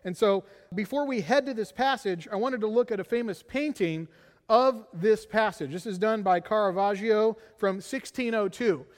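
A middle-aged man preaches from the pulpit, his voice pitched high. He tells a personal story with animated energy and tags many lines with "right?". His words ring out in the long reverb of a church sanctuary. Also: moderate pace. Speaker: pastor.

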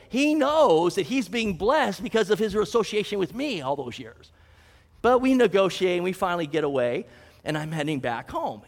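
A man telling a Bible story dramatically in the first person as its hero, conversational, with humorous asides. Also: high-pitched. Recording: reverberant hall.

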